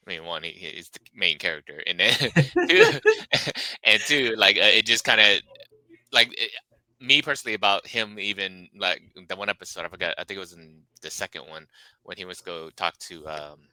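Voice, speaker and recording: A man appearing as a podcast guest, speaking casually and haltingly with many restarts. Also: low voice, pushed and bright, no echo, poor audio.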